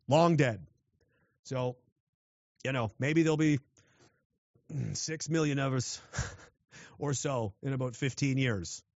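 A man's voice: medium pitch, no room sound, dull audio. A man from western Canada, ranting sardonically and profanely while reading chat on a livestream. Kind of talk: rambling livestream rant.

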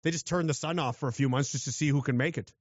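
A man's voice: mid-range voice, fast, no echo, dull audio. A man from western Canada, ranting sardonically and profanely while reading chat on a livestream. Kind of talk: rambling livestream rant.

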